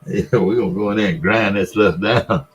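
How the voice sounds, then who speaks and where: An older man putting on the voice of a loud, blunt Southern doctor with a Mississippi Delta accent. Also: lowish voice, normal speed, husky. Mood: brash. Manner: loudmouthed, blunt.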